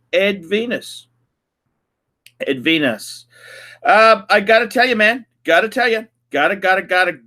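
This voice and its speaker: A middle-aged man hosts a livestream in a slow, unhurried drawl. His voice is bright and a little higher than most men's. He rambles, circles back and repeats himself, with plenty of ums and uhs. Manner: rambling, repeats phrases, many fillers. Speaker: livestream host. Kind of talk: casual livestream chat.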